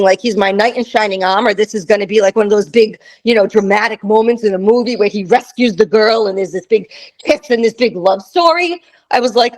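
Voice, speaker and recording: A woman in her fifties, a guest, telling a travel story in casual chat, animated and laughing, acting out the voices of people in it. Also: mid-range voice, fairly quick, low-quality recording. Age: 50s.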